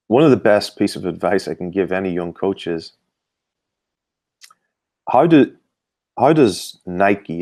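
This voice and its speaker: A middle-aged Irish man, a performance coach, answering interview questions in a measured, explanatory way with frequent fillers. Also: low voice, darkish tone, no echo.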